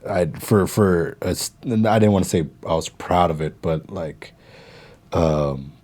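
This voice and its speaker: Deep-voiced male podcast host. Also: unhurried, a little mellow. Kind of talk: casual chat.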